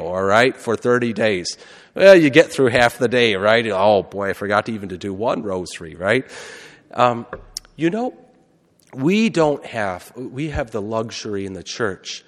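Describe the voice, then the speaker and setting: A man, a priest, giving a conversational sermon and often asking the congregation questions. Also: mid-range voice. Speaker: Catholic priest. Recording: long hall reverb.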